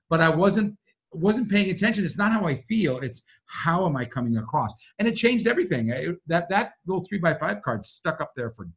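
A middle-aged man telling a personal story in conversation, acting out voices as he goes. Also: high-pitched. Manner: animated, acts out quoted voices. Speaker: guest.

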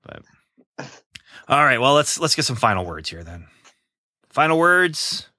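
Bright, dry-voiced chatty podcast host. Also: male voice, medium pitch, animated, normal speed, no room sound. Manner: chatty, enthusiastic, laughs easily. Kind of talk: casual podcast chat.

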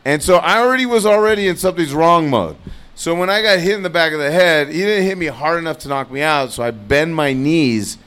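A man's voice: a little high, fairly quick. A man, a stand-up comedian, telling a fight story on a live podcast, acting out the voices and swearing freely. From Latino. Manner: animated, acts out both sides of the story, swears freely. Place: bar stage at a comedy festival, live audience.

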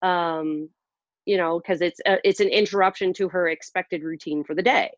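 A woman's voice: lowish voice, steady tone, normal speed, dry recording. Rambling, self-deprecating woman, muffled and dry. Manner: rambling, self-deprecating, many fillers and restarts. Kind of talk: casual conversational storytelling.

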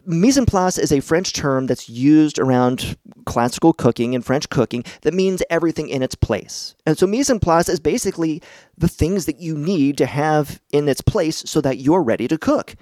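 A man's voice: medium pitch, a little mellow, dry recording, studio quality. A middle-aged man hosting a podcast from his home basement, chatty and encouraging, laughing often as he explains things. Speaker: podcast host. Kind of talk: casual instructional podcast talk.

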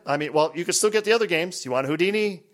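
A man hosting a podcast in a relaxed, rambling, casual chat. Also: sits high, fast talker. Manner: relaxed, rambling, drifts off mic at times. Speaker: podcast host.

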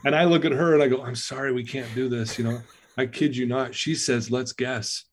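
Animated man telling his story. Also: medium pitch, a little fast. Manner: animated storyteller acting out dialogue. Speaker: guest, personal-development coach. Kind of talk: storytelling in a podcast interview.

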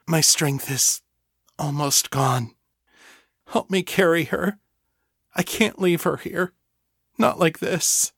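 A man voicing a grieving young woman in an audiobook, her voice hoarse and choked with emotion as she pleads for help. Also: on the high side, takes it slowly, pauses often, fairly bright tone, dry recording, studio quality, voice pushed up, heavily acted. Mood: grief-stricken pleading. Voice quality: strained, pleading.

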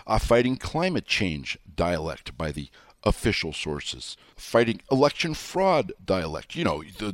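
Man, middle-aged, talk show host, emphatic monologue, lively pitch, dry recording. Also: dry recording. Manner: emphatic, sarcastic asides, spells out words.

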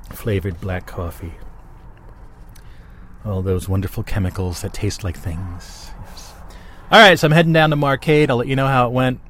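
A man with a fairly low voice records himself from inside a moving car. He rambles and muses aloud, circling back over his thoughts in a loose, casual way. A faint hum of road noise sits under his voice. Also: fairly bright tone. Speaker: vlogger. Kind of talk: casual narration while driving.

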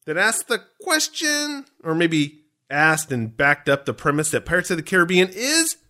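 A man co-hosts a podcast in loose, joking banter. His voice is bright and forward, and his pitch swings widely as he teases himself and his partner. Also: normal speed. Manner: animated, self-mocking and joking. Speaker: podcast co-host.

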